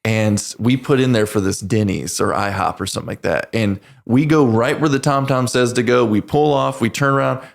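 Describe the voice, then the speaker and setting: A man in his forties, a veteran guest on a podcast, telling his story in earnest, halting speech with many restarts. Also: medium pitch, vocal fry. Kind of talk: casual storytelling interview.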